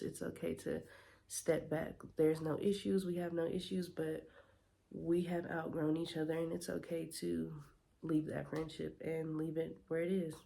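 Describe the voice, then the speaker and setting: A woman's voice: low voice, creaky, warm tone. A young woman vlogging casually to camera, giving candid, heartfelt advice to other moms. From Las Vegas, Nevada.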